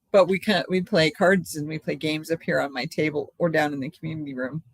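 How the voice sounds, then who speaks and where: A woman's voice: sits low, slightly rough, no echo. An older woman hosting a casual live stream, chatting in a rambling way from home and laughing often.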